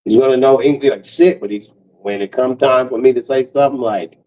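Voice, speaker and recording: Brief: a man doing loose, profane comic storytelling with a mellow tone, recorded a bit off-mic. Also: medium pitch, fairly quick, distant mic, rough recording. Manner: loose, profane and laughing, with frequent restarts. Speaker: comedian.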